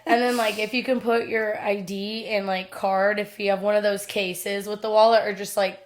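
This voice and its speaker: A young woman co-hosting a podcast, telling a story in casual chat, acting out quotes loudly and swearing freely. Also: medium pitch, level tone, normal speed, slight background noise. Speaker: podcast co-host.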